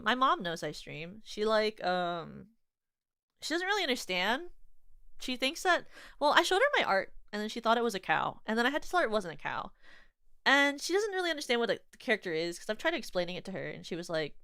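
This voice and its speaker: Rambling young woman streamer, smooth voice. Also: fairly high pitch, no room sound, studio quality. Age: young adult. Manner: rambling, lots of filler words and restarts; animated, giggly storytelling. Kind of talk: casual chat.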